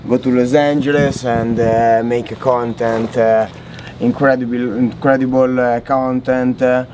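A man with an Italian accent, a native Italian speaker and podcast guest, speaking halting, broken English with many pauses. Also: medium pitch, level tone. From Italy. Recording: clear background noise.

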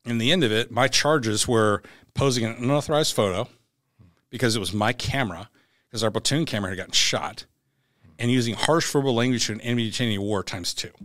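A man's voice: mid-range voice, a little fast, dry recording, studio quality. A man, a former Navy SEAL, telling war and court stories bluntly in a podcast conversation, acting out the other voices in quotes. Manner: blunt, animated, acts out dialogue in quotes. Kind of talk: candid conversational storytelling.

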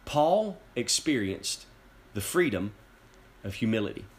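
A man's voice: lowish voice, big pitch swings, measured pace. A man preaching a sermon, emphatic and earnest, often stumbling over repeated words as he builds his point. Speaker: pastor.

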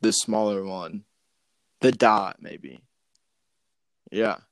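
A man who is a DJ, talking as a guest in a casual conversation, laid-back and hesitant with many pauses. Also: fairly low pitch, gravelly, dry recording. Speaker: DJ and podcast guest.

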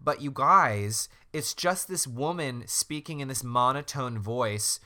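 Bright, gushing podcast host man. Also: mid-range voice, slow pace. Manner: enthusiastic, gushing, lots of fillers. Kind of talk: casual chat.

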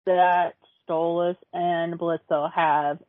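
A woman's voice: fairly low pitch, level tone, slow, dry recording. A woman in casual chat about a cartoon, rambling along with lots of fillers. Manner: chatty, rambling with many fillers like "like". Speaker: podcast co-host. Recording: tinny phone-like line.

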